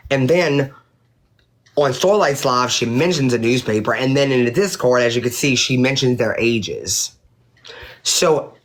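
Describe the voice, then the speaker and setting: A woman on a livestream, addressing her viewers in a heated, rambling rant full of swearing and restarts. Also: very deep voice. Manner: indignant, profane, rambling with restarts.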